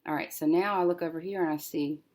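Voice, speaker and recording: A woman teacher working through a syllable-division lesson, thinking aloud and slowly sounding out each syllable as she writes. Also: low voice, fairly even intonation, a little mellow. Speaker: reading teacher.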